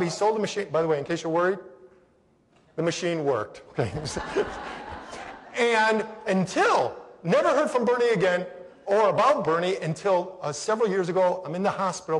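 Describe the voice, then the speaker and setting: Brief: animated male keynote storyteller, higher voice, big-hall reverb. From Connecticut, USA. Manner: animated, acts out voices, addresses the audience directly. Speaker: motivational speaker. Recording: long reverb of a large hall.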